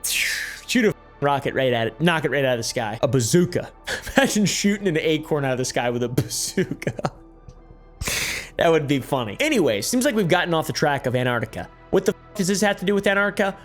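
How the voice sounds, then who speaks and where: A young man riffing through comedic commentary in a slightly high voice. He's sarcastic and quick with asides, and a little music sits behind him. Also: very animated, a bit bright. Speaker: host.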